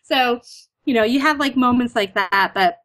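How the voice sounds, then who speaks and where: Canadian woman, bright tone, casual chat, animated storytelling. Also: on the high side, normal speed. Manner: chatty, lots of "like" and "you know", animated retellings. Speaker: guest.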